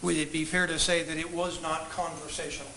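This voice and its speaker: A man examining a witness in a courtroom, asking measured, polite, leading questions. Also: fairly high pitch, flat delivery, bright, forceful tone, a little hiss or hum, low-quality recording. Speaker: trial attorney questioning a witness.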